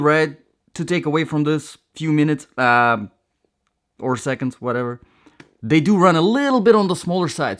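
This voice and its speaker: A man hosting a casual product review, chatty and enthusiastic, with rambling asides. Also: medium pitch. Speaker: gear reviewer.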